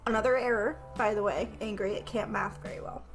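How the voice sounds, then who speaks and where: Playing a tabletop-style game with an AI game master on stream, a woman reads the narration out loud, laughs, curses a lot, and questions how words are pronounced. She speaks briskly at a medium pitch with fairly even intonation, with faint music behind her.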